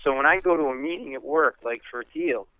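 A male comedian guest telling stories in a rapid, chatty way on a radio interview. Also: a little high, no room sound. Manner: rapid, chatty anecdotal delivery. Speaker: comedian guest, former lawyer. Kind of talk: animated storytelling. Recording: tinny phone-like line.

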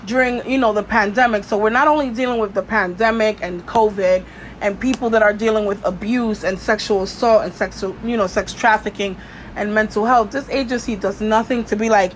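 A woman's voice: mid-range voice, steady tone, brisk, slight background noise. A woman hosting her own podcast, venting in a casual, blunt and profane way, with lots of "you know" fillers. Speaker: podcast host.

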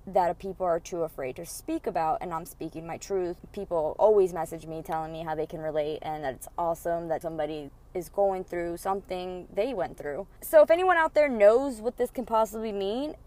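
A young woman hosting a podcast, telling a story in a casual, excitable way, full of fillers and swearing. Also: fairly low pitch, brisk, hardly any pauses. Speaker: podcast host.

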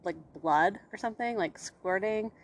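A woman's voice: mid-range voice, normal speed, slight background noise. A young woman chatting casually as a podcast co-host, frank and fond of swearing, with "like" in every other phrase. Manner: frank, swears freely, lots of "like". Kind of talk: casual chat.

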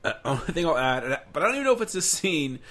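A man's voice: fairly high pitch, sing-song, racing, a bit bright. A man chatting casually as a podcast co-host, easygoing and self-mocking. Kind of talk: casual chat.

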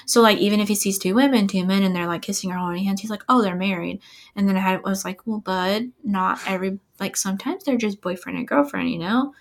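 A young woman co-hosting a podcast, telling stories in casual chat, lively and full of fillers. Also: medium pitch, fast talker, hardly any pauses. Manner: lively storytelling, many "like" fillers. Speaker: podcast co-host.

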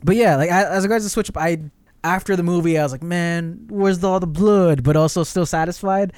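A man's voice: high-pitched, fast, no echo. A man co-hosting a podcast, casually retelling a film scene by scene with lots of fillers. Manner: rambling, filler-heavy, animated retelling. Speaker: podcast co-host. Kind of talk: casual film review chat.

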